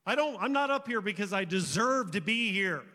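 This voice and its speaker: A man's voice: high voice, animated, normal speed. A man preaching as a pastor, emotional and pleading as he leads the congregation in a prayer of salvation. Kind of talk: sermon with altar call prayer. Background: loud country guitar music.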